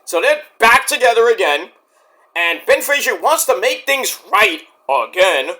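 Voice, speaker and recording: A man's voice: high-pitched, very animated, a little slow, bright, forceful tone. A man casually reviewing a wrestling show, rambling, swearing freely and going off on tangents. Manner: rambling, profane and digressive.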